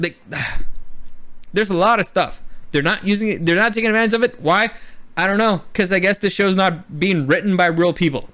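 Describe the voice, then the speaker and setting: A man giving his casual opinions on a TV episode, animated and swearing, often acting out the characters' lines. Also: high voice, fairly quick. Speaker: show reviewer.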